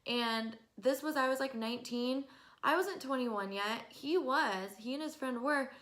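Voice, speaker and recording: A woman in her twenties telling stories to camera in an animated, exasperated way, often breaking into laughs. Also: sits high, a little slow. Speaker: vlogger. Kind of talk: casual storytelling to camera.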